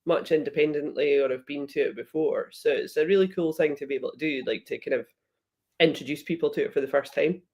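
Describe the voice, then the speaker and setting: A woman's voice: low voice, quick pace, a little mellow, husky. A woman who is a guest on a casual chat show, talking in a friendly, chatty way with lots of "like". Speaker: guest, whisky brand ambassador.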